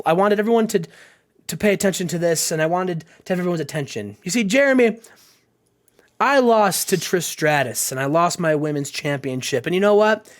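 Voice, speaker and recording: A man's voice: high voice, natural voice. A man voicing a proud female wrestler cutting a defiant promo in a game playthrough, without much change of voice.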